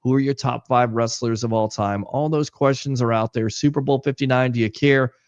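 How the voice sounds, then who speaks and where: A man hosting a casual sports talk show, keeping his voice down in a near monotone. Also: mid-range voice, fairly quick, no echo, lo-fi sound. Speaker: host.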